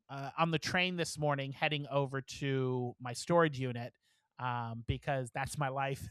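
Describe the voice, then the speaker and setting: Podcast co-host, male, 40s, lively storyteller, dry close sound. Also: fairly high pitch, clean tone, dry recording. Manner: animated storyteller, swears, laughs mid-sentence. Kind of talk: casual chat.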